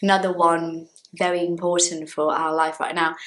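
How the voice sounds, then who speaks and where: A Brazilian woman with a Brazilian Portuguese accent, teaching English pronunciation from home in a slow, emphatic way and demonstrating sounds. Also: on the low side, fairly even intonation, a bit bright. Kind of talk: pronunciation lesson to camera. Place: her home.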